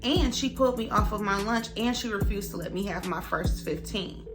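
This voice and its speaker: Young woman doing a storytime vlog, super expressive, jumps way up in pitch for other people's lines, faint music behind. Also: normal speed. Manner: animated, dramatic retelling with voices for others. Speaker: vlogger telling a story.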